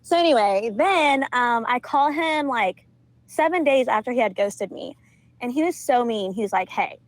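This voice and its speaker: Her voice fairly high and her intonation lively, a young podcast guest from Georgia narrates a story at a moderate pace, chatting casually, laughing a lot, and relying on filler words. There's no echo, but the recording quality is low.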